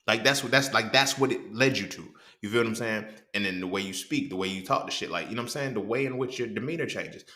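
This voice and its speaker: A host with a lowish, sharp voice delivers a casual monologue at a quick pace with hardly any pauses. He's blunt and profane, forever asking the listener "you feel what I'm saying?", and the recording carries a roomy echo.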